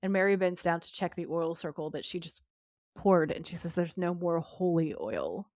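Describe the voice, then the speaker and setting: A woman co-hosting a podcast, retelling a TV episode with lively quoted lines in casual chat. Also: fairly low pitch, moderate pace, dry recording, studio quality. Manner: lively retelling, quoting characters in her own voice. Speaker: podcast co-host.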